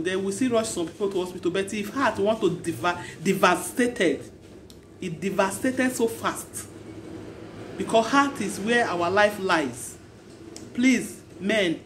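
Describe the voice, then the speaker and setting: A woman's voice: mid-range voice, slight background noise. A woman with a Nigerian accent giving marriage advice in an impassioned, repetitive, pleading monologue.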